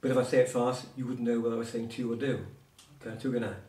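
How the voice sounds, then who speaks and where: With a warm, medium-pitched voice that barely moves in pitch, a man quickly works through Cornish words in a casual one-on-one lesson. He explains patiently using asides and examples. The sound is roomy and far off.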